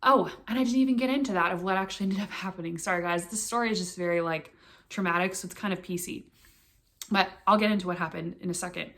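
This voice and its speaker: A young woman recounting a painful memory to her viewers, earnest and halting. Her pitch sits in a middle range for a woman. She keeps restarting sentences and leaning on filler words as she goes. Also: fairly bright tone. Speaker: vlogger telling a personal story. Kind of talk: personal storytelling to camera.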